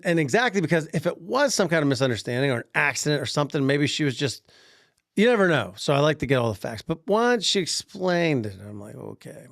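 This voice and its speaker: A gravelly-voiced man telling a story on a podcast, swinging his pitch up and down as he acts out the people he quotes. He laughs often and keeps it casual, recorded close and dry with no room sound. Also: fairly bright tone, no room sound. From Pennsylvania. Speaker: grocer telling a workplace story.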